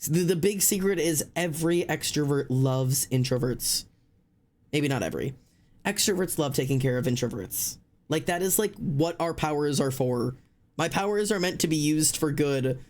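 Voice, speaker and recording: A man chatting casually with his live stream audience, excitable and frank, repeating words, saying "like" often and swearing freely. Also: a little high, normal speed.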